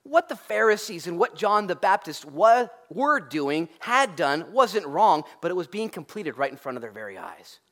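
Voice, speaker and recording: A man preaching a sermon as pastor, lively and joking, acting out the voices of the people in the story. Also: sits high, moderate pace, hardly any pauses.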